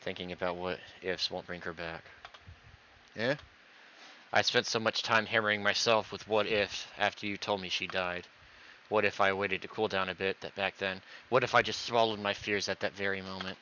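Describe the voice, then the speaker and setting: A man's voice: low-pitched, steady tone, moderate pace, bright, forceful tone, slight background noise. A man reading visual novel dialogue aloud, voicing every character himself and acting out the stammers. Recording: dull lo-fi recording.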